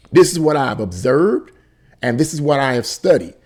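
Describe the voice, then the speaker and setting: Guy reading an article out loud, stops to rant at it, medium pitch. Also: big pitch swings, moderate pace. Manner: indignant, exclaims and laughs in disbelief. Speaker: commentary channel host. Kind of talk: reading an article aloud with commentary.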